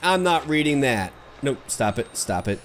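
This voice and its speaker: In a sing-song, fairly bright mid-range voice at normal speed, a gaming video host narrates his horror game playthrough as let's play commentary. He mocks and jokes, talks back to the characters, and yelps and swears when spooked, over slight background noise.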